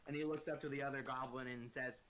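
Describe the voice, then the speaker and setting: A man's voice: mid-range voice, fairly even intonation, fast talker, a bit bright. A man narrating a tabletop game as game master in a playful, dramatic way.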